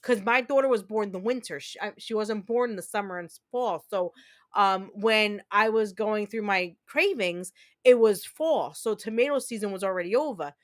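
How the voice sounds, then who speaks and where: Her voice is mid-range at a normal speed, recorded without echo. A game streamer in her thirties from New Jersey, she chats casually while gaming, close to the mic, telling rambling stories with many restarts.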